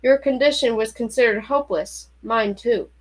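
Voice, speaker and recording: A woman voicing a nervous male professor who explains in a hurried, apologetic way. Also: a little high, a little mellow, natural voice. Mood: defensive.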